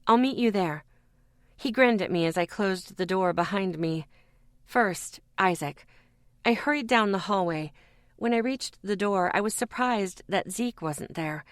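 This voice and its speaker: A woman narrating a first-person paranormal audiobook in a steady, measured way, close to the mic. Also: medium pitch, dry recording.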